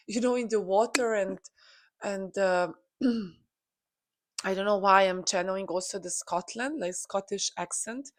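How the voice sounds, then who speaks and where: A woman channeling a spiritual message to her viewers, earnest and encouraging, with frequent fillers. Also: mid-range voice. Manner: earnest, encouraging, many "you know" fillers.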